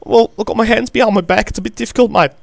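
A man role-playing a captured nature presenter in an online game, panicking, pleading and swearing loudly into a close, overdriven headset mic. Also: high voice, racing, vocal fry, no echo.

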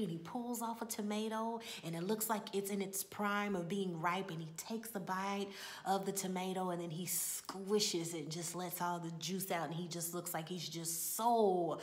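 A woman casually recapping a television episode in a conversational storytelling way, with side remarks and occasional drops to a whisper. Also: medium pitch. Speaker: TV episode reviewer.

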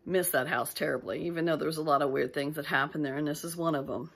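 A woman's voice: deep voice, fast talker, breathy edge. A middle-aged woman casually telling a personal ghost story to her viewers, rambling and interrupting herself as she goes. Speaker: vlogger.

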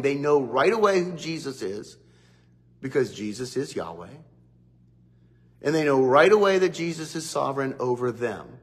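Animated male preacher. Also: medium pitch, normal speed. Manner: animated, acts out quotes. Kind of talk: devotional Bible teaching.

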